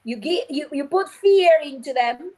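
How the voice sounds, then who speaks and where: A woman phonics teacher trainer, a guest on a show, explaining her methods in a lively way and acting out classroom scenes. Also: high-pitched, unhurried, poor audio. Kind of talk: animated teaching talk.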